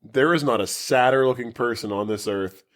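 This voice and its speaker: Animated, swearing man recapping a film. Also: medium pitch, normal speed. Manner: animated, profane, laughs a lot, acts out characters. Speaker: podcast co-host. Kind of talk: casual movie-review chat.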